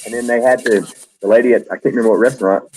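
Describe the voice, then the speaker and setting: A man in his fifties from the Deep South with a Southern accent, a show host telling rambling stories in casual chat. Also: fairly even intonation, very fast, a little mellow, slight background noise, rough recording. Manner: rambling storyteller, many "like" and restarts. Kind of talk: casual chat while canning.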